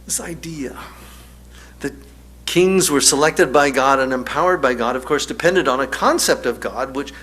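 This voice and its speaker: A man's voice: medium pitch, normal speed, a bit bright. A male minister delivering a sermon in a wry, storytelling manner, laughing often.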